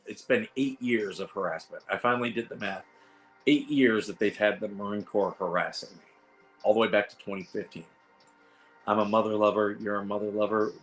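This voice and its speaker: A man with a Midwestern accent and a hoarse, worn voice, chatting casually on a home livestream in a rambling way. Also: on the low side, rough recording. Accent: Midwestern American. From Ohio. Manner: rambling, chuckling, restarts phrases. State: hoarse, losing voice. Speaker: livestream host.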